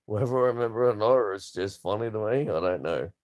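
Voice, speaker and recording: A man's voice: on the low side, fast, darkish tone. A man in his thirties, chatting casually to camera in a rambling way, swearing freely. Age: 30s. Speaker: vlogger.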